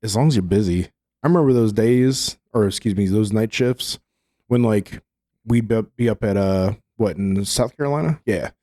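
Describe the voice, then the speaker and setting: Man, podcast co-host, mellow voice, teasing, casual swearing, dry mic. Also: fairly low pitch, normal speed, no echo. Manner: teasing, laid-back, swears. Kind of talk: casual chat.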